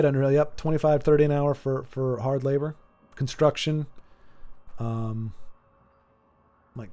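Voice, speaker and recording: Man on a livestream, fairly high voice, rambling and jokey, faint music behind. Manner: rambling, animated, jokey, often restarts sentences. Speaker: streamer. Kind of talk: casual chat on a livestream.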